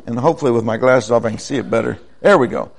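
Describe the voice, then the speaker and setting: A man's voice: mid-range voice, rapid-fire, vocal fry. An older man preaching a folksy, conversational sermon, asking the congregation questions.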